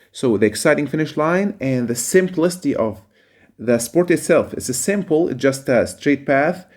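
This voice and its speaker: A man with a mid-range, darkish voice teaches a reading lesson. He reads a passage aloud and explains its words, pausing and using fillers.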